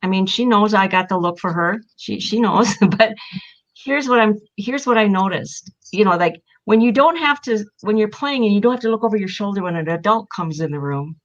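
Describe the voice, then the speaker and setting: A woman's voice: mid-range voice, a little fast, dull audio. An older woman telling heartfelt family stories in casual talk, emotional and sometimes tearful. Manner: emotional, heartfelt, crying at times. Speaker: guest. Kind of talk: casual storytelling.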